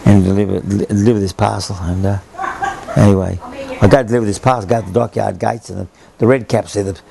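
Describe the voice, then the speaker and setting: Gravelly older Australian man rambling. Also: on the low side, fairly even intonation, fast, crowd noise. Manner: rambling storyteller who repeats himself and acts out quoted voices. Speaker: interviewee, former sailor. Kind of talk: oral history reminiscence.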